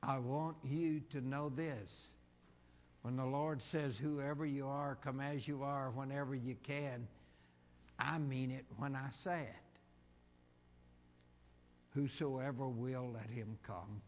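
A man preaching a sermon as pastor, impassioned, rising to loud high-pitched cries, slow and deliberate. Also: steady tone. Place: church hall. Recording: long reverb of a church hall.

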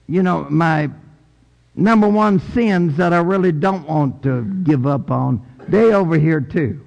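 A man with a Kentucky accent preaching a sermon, passionate, rising to near shouts and stretching out his phrases. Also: a little high, a little slow, gravelly, in a large hall, rough recording.

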